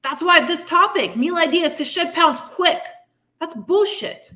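With a high, bright, sharp voice, this female fitness coach and podcaster vents her frustration in a blunt, profanity-laced motivational talk. Her intonation is lively and her pace unhurried as she speaks straight to listeners, dishing out tough love.

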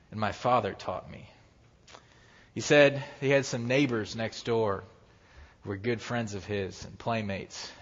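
A man preaching a sermon, telling a story and acting out the voices of the people in it. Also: mid-range voice. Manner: animated storyteller who acts out quoted voices. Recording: dull sound with long hall reverb.

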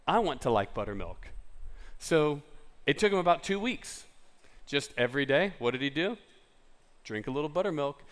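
Slightly high-voiced man preaching casually. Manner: conversational, storytelling with filler words and restarts. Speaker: pastor. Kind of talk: sermon.

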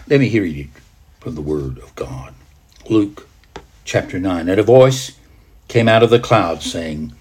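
Slow, breathy preacher with swooping pitch. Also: male voice, expressive. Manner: dramatic guided storytelling, swinging from loud to hushed; addresses listener as "you" in vivid scenes. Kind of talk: sermon.

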